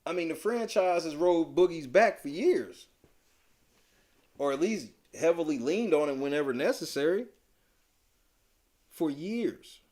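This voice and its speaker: Animated, blunt man ranting casually. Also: measured pace, pauses often. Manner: blunt, profane, slangy, swings between low mutter and loud emphatic rants. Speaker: podcast co-host. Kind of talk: casual reality-TV commentary chat.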